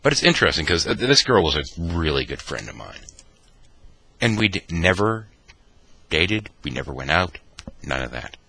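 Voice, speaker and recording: A man vlogging, telling a wry personal anecdote in an animated, mock-dramatic way. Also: low voice, moderate pace, gravelly, long pauses, breathy edge. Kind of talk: anecdotal storytelling.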